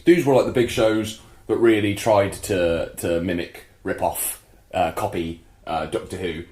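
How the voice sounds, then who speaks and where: A man co-hosting a podcast, chatting casually, laughing often and throwing in quick asides. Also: low voice, fairly even intonation, darkish tone, roomy sound. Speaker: podcast co-host. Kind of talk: casual chat.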